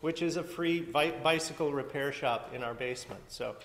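A man's voice: a little high, moderate pace, a bit bright. Rambling man in an echoey church. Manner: chatty, rambling, with many fillers and restarts. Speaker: pastor. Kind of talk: church announcements. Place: church sanctuary. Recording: echoey hall from far off.

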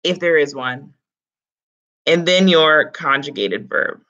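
A woman's voice: low voice, slow pace, a bit bright, dull audio. A woman teaching Spanish grammar in an online class, explaining it step by step in a casual way.

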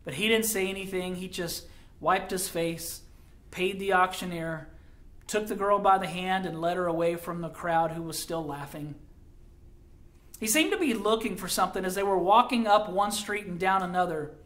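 A middle-aged man, a pastor, telling a story in a sermon, dramatic and dropping quiet for quoted lines. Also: sits high, normal speed.

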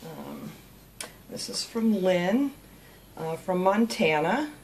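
A woman hosting a craft channel, chatting casually and warmly thanking viewers by name as she opens mail at home. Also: fairly low pitch, expressive, slow pace, vocal fry, a little hiss or hum. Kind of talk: casual chat, opening mail.

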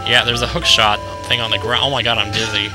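A young man casually commentating a video game, excitable and jokey, thinking aloud as he plays. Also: on the low side, quick pace, rough recording. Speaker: let's play commentator. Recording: game music playing behind voice.

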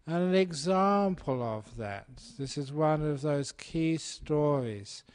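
A man's voice: on the high side, lively intonation, takes it slowly, a little mellow, smooth. A man, a Buddhist monk, giving a humorous dharma talk and telling a story. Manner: storytelling, playful, does animal sounds.

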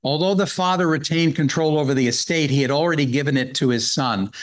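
A man's voice: fairly high pitch, fast talker, poor audio. A man giving a Bible-hour sermon, earnestly reading scripture and explaining it verse by verse. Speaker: guest speaker at a Bible hour.

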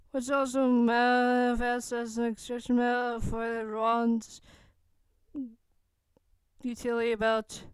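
A woman reading a fan story aloud in a halting way, with restarts and self-corrections. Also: fairly high pitch, smooth, dry recording.

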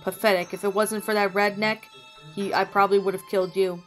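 A woman's voice: mid-range voice, level tone, brisk, fairly bright tone, soft background music, close to an everyday voice. A woman reading a fan story, voicing a cruel, dying older man who gloats with contempt. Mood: contemptuous.

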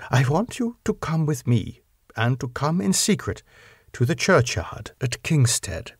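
A man voicing a grave elderly professor who speaks in a solemn, measured, formal way, for an audiobook. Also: mid-range voice, sing-song, slightly rough, no room sound, studio quality, pitched above the performer's own voice, exaggerated voice.

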